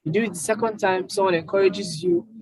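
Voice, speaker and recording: A young Nigerian man telling his own story as an interview guest, halting with many fillers and restarts. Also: sits high, darkish tone, slightly rough, no echo, poor audio. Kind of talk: casual interview chat.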